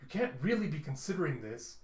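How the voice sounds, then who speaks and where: A man's voice: on the high side, sing-song, fast talker, a little mellow, roomy sound. A man voicing an angry young man who accuses and pleads with a soldier. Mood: pleading.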